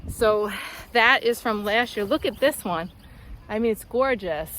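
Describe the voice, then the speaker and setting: A woman's voice: fairly high pitch, expressive, unhurried, a bit bright, slight background noise, poor audio. A woman flower farmer giving a casual walk-through of her rows outdoors, chatty and upbeat, slightly out of breath. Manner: chatty, upbeat, talking while walking the rows.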